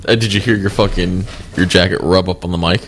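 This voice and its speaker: Low-voiced man rambling in a podcast. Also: fairly even intonation, fast talker, a bit bright, a little hiss or hum. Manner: rambling, profane, many restarts. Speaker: podcast co-host. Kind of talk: casual chat.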